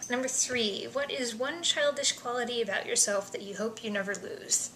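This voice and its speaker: A young woman vlogger chatting casually through survey questions, self-deprecating, with soft mumbled asides. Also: a little high, moderate pace, hardly any pauses, reverberant, a little hiss or hum, low-quality recording.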